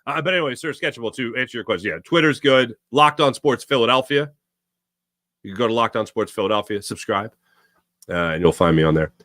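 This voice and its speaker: A man's voice: mid-range voice, brisk, pushed and bright, no echo, studio quality. A young man hosting a live sports talk stream, rambling and reading viewers' comments aloud. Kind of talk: casual live-stream chat.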